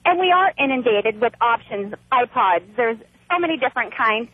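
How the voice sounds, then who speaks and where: A woman's voice: a little high, animated, normal speed, husky, dry recording. A woman calling in to a radio show, earnest and pleading as she disagrees with the host. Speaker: caller. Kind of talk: call-in radio conversation. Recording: tinny phone line.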